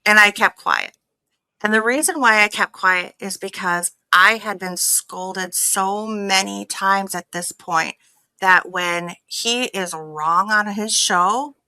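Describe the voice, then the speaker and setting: A woman's voice: mid-range voice, slow pace, no echo, low-quality recording. A woman recounting a personal story in casual chat, acting out the quoted exchanges. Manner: animated retelling, acts out quoted exchanges. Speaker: guest telling her story.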